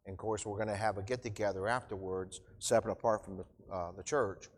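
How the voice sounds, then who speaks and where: A man's voice: fairly low pitch, fairly even intonation, fast. A middle-aged man giving an informal, emotional sermon in church, choked up and rambling with restarts. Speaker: preacher. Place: church hall. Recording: long church reverb.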